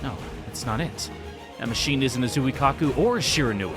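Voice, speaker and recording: A man's voice: medium pitch, animated, brisk, music in the background. A man hosting a casual game read-through, chatting loosely with lots of fillers and swearing. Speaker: let's-play host.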